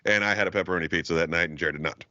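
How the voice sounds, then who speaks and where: A man's voice: low voice, racing, pushed and bright, dry recording. A young man co-hosting a podcast, telling a long story in casual chat, swearing constantly and laughing often. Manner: profane, laughing, rambling storyteller. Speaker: podcast co-host. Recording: dull lo-fi sound.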